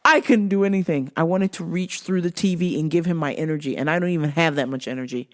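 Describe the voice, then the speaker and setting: A woman hosting her own show, ranting in a casual, animated and exasperated way, swearing freely. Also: deep voice, fast talker. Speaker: show host.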